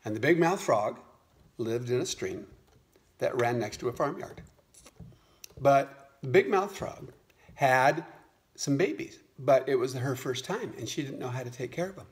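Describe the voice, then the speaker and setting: A man telling a playful farmyard story to a child. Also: medium pitch. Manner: animated, playful, unhurried. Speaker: father telling a bedtime story.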